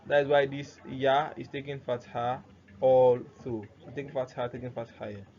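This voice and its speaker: A man's voice: medium pitch, little pitch movement, normal speed, a little mellow. A man teaching grammar, who keeps posing "what?" questions and answering them himself, repeating the key terms. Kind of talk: explanatory lesson. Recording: dull lo-fi recording with faint noise.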